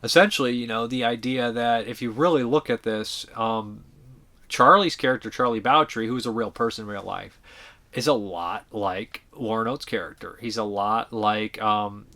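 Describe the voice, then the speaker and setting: A movie reviewer hosting his own casual review show rambles enthusiastically, swearing freely and trailing off while he hunts for words. His voice is fairly low with a sharp tone, at a moderate pace.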